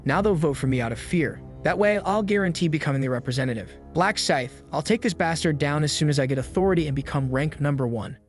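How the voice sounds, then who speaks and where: A brash young gang boss from a comic recap, as a man puts him on, blunt and menacing in every threat. The voice sits slightly high, over quiet music. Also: animated, fast, hardly any pauses, close to an everyday voice.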